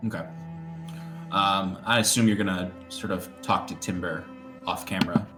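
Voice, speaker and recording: A man's voice: low voice, fairly even intonation, normal speed, over music. A man running a tabletop game as game master, loose and full of fillers. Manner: loose, filler-heavy, laughing often.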